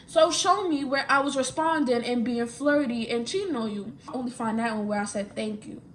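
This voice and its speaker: High-voiced New woman telling a story. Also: moderate pace, hardly any pauses. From New York. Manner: animated, slangy, repeats phrases for emphasis. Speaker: vlogger. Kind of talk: casual storytime chat. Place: at home, getting ready.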